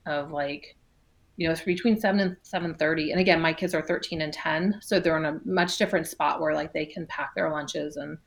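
Low creaky-voiced woman chatting. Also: steady tone, fairly quick. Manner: chatty, laughs often, many fillers. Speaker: physical therapist guest. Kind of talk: casual podcast interview.

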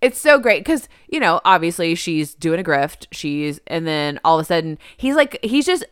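A woman's voice: fairly low pitch, sing-song, moderate pace, clear, resonant tone, no room sound, studio quality. A woman co-hosting a podcast in casual chat, retelling scenes animatedly and acting out the characters' lines. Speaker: podcast co-host.

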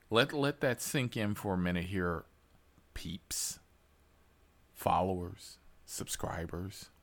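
A man's voice: on the low side, gravelly, a bit bright. A man telling a story to his followers as a heated, profane rant, full of emphasis and asides. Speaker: military veteran driver telling a story.

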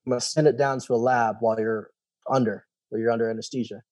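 A man's voice: mid-range voice, steady tone, fast, a little mellow, dry recording. A young man casually recounting his own story, rambling and retelling what others said to him. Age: young adult. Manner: loose, rambling, retells dialogue with "he's like". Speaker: guest telling his story.

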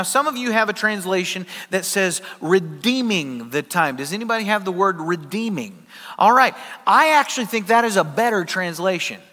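A middle-aged man, a pastor preaching a sermon and telling a lively story to his congregation. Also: high-pitched. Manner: animated, acts out voices in a story, laughs with the congregation. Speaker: worship pastor. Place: large church hall. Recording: reverberant church hall.

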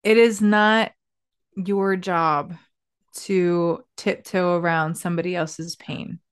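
Slow-talking woman hosting a chat. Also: on the low side, clear, resonant tone, no echo, studio quality. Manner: laughs often, relaxed and encouraging. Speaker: podcast host. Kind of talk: casual chat.

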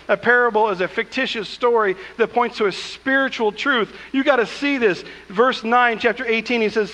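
A man's voice: high voice, bright, forceful tone, big-room sound, dull audio. A man preaching a sermon as pastor, with emphatic asides and acted-out scripture quotes, speaking in a church. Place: church sanctuary.

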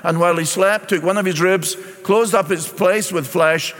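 A middle-aged pastor, preaching a sermon and reading scripture aloud before explaining it. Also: male voice, sits high, normal speed, a bit bright. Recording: long reverb in a large hall.

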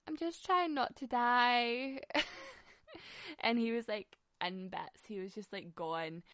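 A young woman tells a story in a loose, chatty monologue, swearing freely and laughing often. Her voice has a gravelly, creaky edge. The sound is close and dry, with no room echo. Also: medium pitch.

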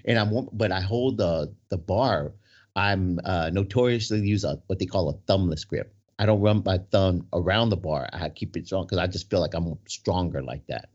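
Heard through dull lo-fi audio, this man rambles through a lengthy personal story in casual talk, repeatedly asking "right?" and restarting his sentences. His voice sits low with a darkish tone, and he speaks at normal speed.

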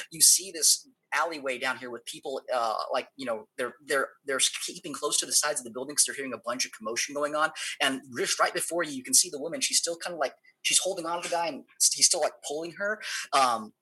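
A man narrates a tabletop game as its game master, his voice bright and a little husky. He rambles through the action with plenty of fillers and restarts. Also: mid-range voice, poor audio.

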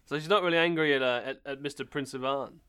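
A man co-hosting a comedy podcast, reacting to the story with laughs, short questions and quick asides. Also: mid-range voice, bright, forceful tone, clear, resonant tone. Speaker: podcast co-host. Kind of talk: casual comedic chat.

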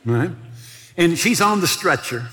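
Husky preacher guy telling stories n leading a prayer, swoops up and down, long echo. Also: a little high, a little slow. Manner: animated storytelling, leads viewers in prayer. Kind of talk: sermon with altar call.

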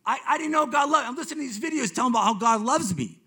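A man in his fifties telling his personal faith testimony to a congregation, swinging between hushed reflection and excited retelling, often repeating himself. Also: very high voice, very fast, breathy edge. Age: 50s. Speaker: speaker giving a testimony.

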